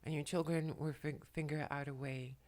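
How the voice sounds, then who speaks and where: A tearful woman at home, speaking to the camera in a soft, halting way while relaying messages, often dropping to a whisper. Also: low voice, fairly even intonation. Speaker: spiritual channeler and makeup vlogger. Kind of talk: emotional channeling talk to camera. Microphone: camera mic, speaking to the camera.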